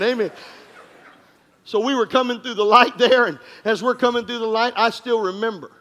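A pastor preaching an energetic sermon to his congregation, telling stories with jokes and bursts of shouting. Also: very high-pitched, normal speed. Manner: animated, joking, breaks into shouts. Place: church congregation room.

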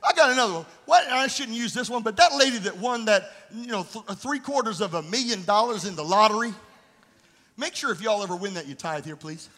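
A man preaching a fervent sermon as pastor, building up to shouts. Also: high-pitched, lively intonation, brisk, in a large hall. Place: church sanctuary.

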